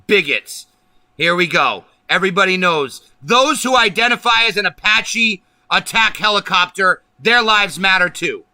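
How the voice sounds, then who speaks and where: A man's voice: sits high, sharp tone, dry recording. A man hosting a political livestream, ranting angrily and emphatically with lots of profanity. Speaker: livestream host.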